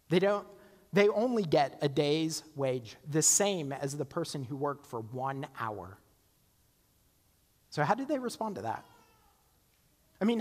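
Guy preaching a sermon, high-ish voice, chatty, lots of "right?" questions, long echo like a big church. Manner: conversational, rhetorical questions, acts out quoted grumbling. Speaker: pastor.

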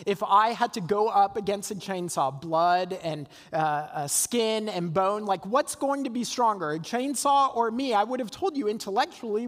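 A man's voice: high voice, animated, normal speed. Man preaching in a reverberant sanctuary. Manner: conversational storytelling with laughs and restarts. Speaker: pastor. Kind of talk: sermon. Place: church sanctuary. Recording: long hall reverb.

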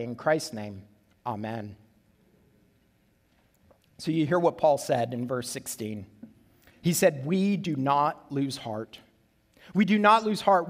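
A male pastor preaching an earnest sermon, repeating key phrases for emphasis, to a congregation in a church. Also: fairly high pitch. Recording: long church reverb.

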